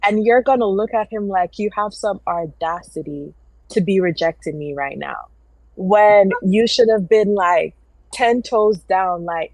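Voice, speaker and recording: A woman's voice: mid-range voice, measured pace, a little mellow, no room sound, poor audio. A woman panelist talking earnestly about a TV show, acting out a character's lines. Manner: earnest, acts out lines with laughs. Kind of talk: casual show recap chat.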